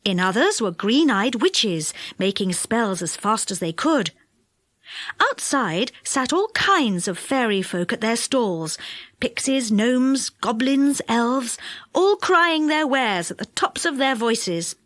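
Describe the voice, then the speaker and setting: A woman narrating a children's storybook audiobook with lively, expressive delivery. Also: a little high, slow, dry recording. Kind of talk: storybook reading. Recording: dry close studio sound.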